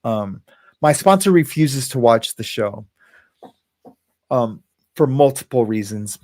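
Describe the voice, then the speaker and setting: A man hosting a casual livestream, reading viewer comments aloud and rambling with frequent chuckles and halting restarts. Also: medium pitch, darkish tone, dry recording, studio quality. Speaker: livestream host.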